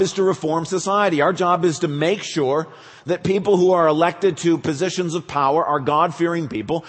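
A male pastor preaching a sermon, animated, acting out questions in quick bursts. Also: high-pitched, husky. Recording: reverberant church hall.

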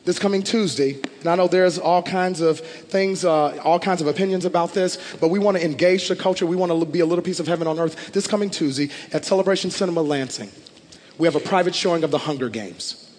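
A male pastor preaching with passion, his fairly high voice swelling into loud declarations. His words ring out with a long reverb, as in a large church sanctuary. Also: fast talker, a little hiss or hum. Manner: impassioned, rising to loud declarations. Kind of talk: sermon.

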